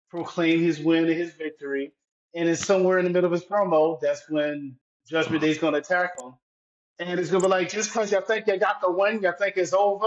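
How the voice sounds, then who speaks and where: A man co-hosting a wrestling podcast, speculating in a measured, casual way. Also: on the high side. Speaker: podcast co-host. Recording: dull lo-fi mic.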